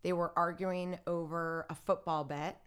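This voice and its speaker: An interview guest, a woman with a lowish, clear and resonant voice, tells a personal story at a measured pace in casual conversation. She retells it animatedly, acting out what others said, and fills her speech with "like" and "I'm like."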